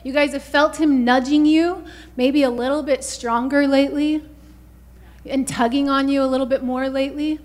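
Fervent high-voiced woman preaching. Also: fairly even intonation, moderate pace, darkish tone. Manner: fervent, repeats "you guys" and "hallelujah". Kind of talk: sermon.

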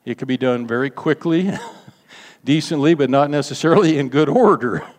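Older guy preaching, earnest storytelling, slows way down on key bits, big echoey hall. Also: a little high, a little mellow. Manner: earnest storytelling, slows for emphasis, acts out quoted voices. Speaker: pastor. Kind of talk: sermon with personal testimony. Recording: long hall reverb.

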